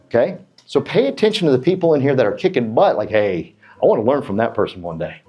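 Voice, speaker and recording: A man's voice: medium pitch, quick pace, breathy edge, lo-fi sound, soft background music. A middle-aged man giving a motivational talk to real estate agents, quizzing the crowd and telling stories. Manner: animated, asks the crowd, tells stories with acted quotes. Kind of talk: motivational presentation to a live room.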